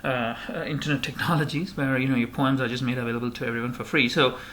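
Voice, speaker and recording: A man's voice: mid-range voice, fairly even intonation, fast, fairly bright tone, a little hiss or hum. A man giving a recorded slide lecture, rambling with many fillers and restarts.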